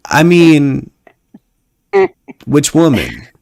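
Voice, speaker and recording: A man's voice: fairly high pitch, huge pitch swings, extremely slow, darkish tone. A young man hosting a live stream, chatting casually with jokes, swearing and hyped-up banter. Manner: joking, profane, hyped-up banter.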